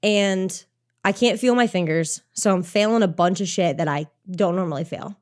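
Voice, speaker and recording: A young adult woman, a racer and coach, telling an animated race story in casual podcast chat, swearing freely and saying "like" a lot. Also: lowish voice, normal speed. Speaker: obstacle course racer and coach.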